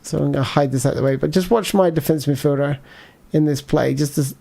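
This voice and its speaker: A man's voice: fairly high pitch, fairly even intonation, fast, gravelly, mellow. A man giving casual live commentary as he plays a football video game, thinking aloud and answering viewer chat. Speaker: gaming livestreamer.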